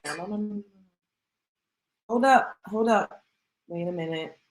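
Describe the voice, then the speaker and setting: A woman's voice: medium pitch, unhurried, music in the background. A woman hosting a casual livestream chat, talking with her viewers and greeting them by name. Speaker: host. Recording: echoey room.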